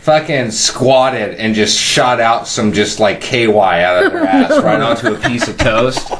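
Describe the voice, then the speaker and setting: A man's voice: medium pitch, sing-song, measured pace, a bit bright. A man hosting a podcast, rambling casually with lots of fillers and crude jokes. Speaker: podcast host. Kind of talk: casual chat.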